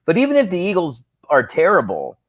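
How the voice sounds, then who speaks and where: A man's voice: sits high, huge pitch swings, brisk, heavy background noise. A man who is a comedian, guesting on a podcast over a video call, wry and rambling, mocking himself. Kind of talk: casual podcast banter.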